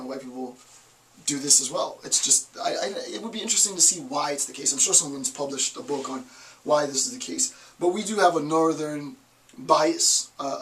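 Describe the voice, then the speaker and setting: Recorded roughly and from well back, this lecture comes from a Northeast American man whose voice is a little high with a fairly bright tone. Teaching a college class, he presses his points hard and tosses out rhetorical questions.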